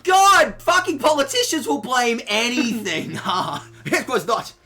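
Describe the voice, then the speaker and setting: A woman's voice: a little high, sing-song, a little slow, sharp tone. A woman streaming a horror game, chatting casually and joking with a guest, sarcastic and full of swearing.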